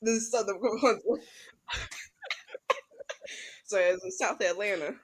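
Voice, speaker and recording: A woman's voice: medium pitch, a little slow, slightly rough. A woman podcast co-host improvising a comedic role-play in a brash, teasing, trash-talking way.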